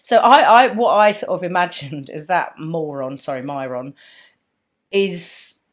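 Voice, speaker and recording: A middle-aged woman, co-hosting a podcast in casual chat, talking lively and often breaking off to restart. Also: on the low side, unhurried. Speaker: podcast co-host.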